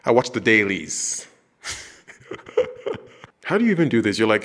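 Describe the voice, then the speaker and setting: Joking man reacting, low voice. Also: moderate pace, long pauses. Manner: animated, jokey, laughs often and acts out characters in funny voices. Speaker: reaction video host. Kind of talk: casual reaction commentary.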